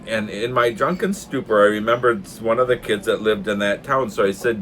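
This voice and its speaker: Older man, casual storytelling, laughs a lot, acts out shouting, bright tone, faint pub chatter behind. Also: on the low side, fairly quick, a little hiss or hum. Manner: laughs often and hard while telling a funny story. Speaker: vlogger telling a story.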